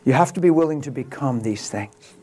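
A male pastor preaching a sermon, telling a story and swinging from quiet, slow lines to loud exclamations. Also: medium pitch, expressive, slightly rough.

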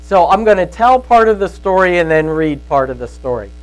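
A man's voice: high-pitched, big pitch swings, brisk, poor audio. A man giving a conversational sermon as a Bible teacher, telling stories in a folksy way and often checking in with his listeners. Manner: storytelling, folksy, asks "right?" often.

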